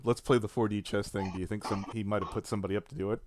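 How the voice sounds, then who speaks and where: A man's voice: on the low side, fairly even intonation, rapid-fire, noisy background. A man hosting a casual livestream chat, rambling and swearing a lot. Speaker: stream host.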